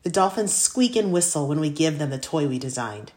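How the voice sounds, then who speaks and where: Low-pitched female audiobook reader, expressive first-person storytelling. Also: a little fast. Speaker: audiobook narrator. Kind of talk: scripted first-person narration.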